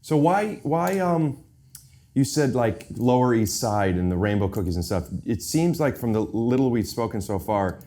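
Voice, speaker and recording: A man's voice: mid-range voice, expressive, moderate pace, warm tone. A young man hosting a casual show, asking curious questions and making playful jokes. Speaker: podcast host. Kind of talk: casual chat.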